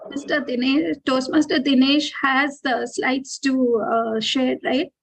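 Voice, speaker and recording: A woman politely cutting in during an online club meeting, apologetic and halting. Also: high voice, steady tone, vocal fry, low-quality recording. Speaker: club member. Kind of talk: casual meeting talk. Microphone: video call.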